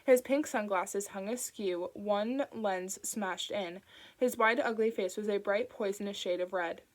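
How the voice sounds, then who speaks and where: A woman reading an audiobook in a steady, even narration. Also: medium pitch, a little slow. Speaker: audiobook reader.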